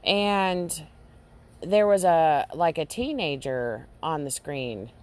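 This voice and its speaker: Slow, low-voiced halting woman. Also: lively intonation, a little mellow. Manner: halting, with frequent restarts and fillers. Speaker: Christian vlogger. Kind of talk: casual dream retelling.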